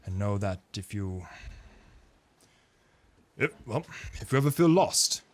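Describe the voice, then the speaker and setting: A man voicing a sentimental sailor father, heartfelt and halting, pausing with sighs. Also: fairly low pitch, lively intonation, a little mellow. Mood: tender.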